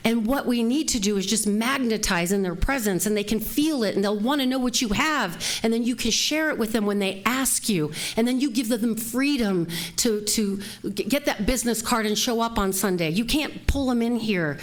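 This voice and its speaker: A woman's voice: fairly high pitch, moderate pace, few pauses. Earnest woman minister giving a sermon. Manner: heartfelt, earnest and direct. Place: spiritual center sanctuary, recorded live.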